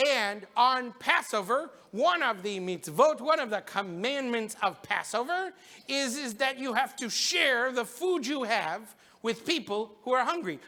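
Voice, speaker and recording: A service leader telling a congregation an animated story in a relaxed way. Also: medium pitch. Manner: animated, casual with fillers. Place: synagogue sanctuary.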